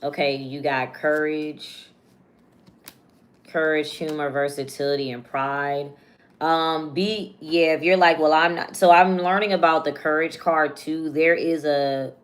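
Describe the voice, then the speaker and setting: A young woman doing a casual, chatty live tarot reading, slangy and quick to laugh. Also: deep voice. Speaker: tarot reader.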